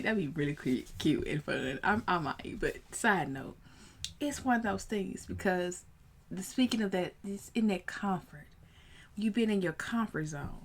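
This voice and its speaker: A woman in her thirties, a coach, telling a personal story in a casual vlog, animated and prone to rising in excited bursts. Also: lowish voice, measured pace. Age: 30s.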